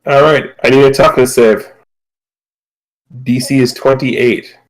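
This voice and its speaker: A man acting as game master, explaining rules and narrating a tabletop game over a voice call with a relaxed, playful manner. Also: medium pitch, unhurried, poor audio.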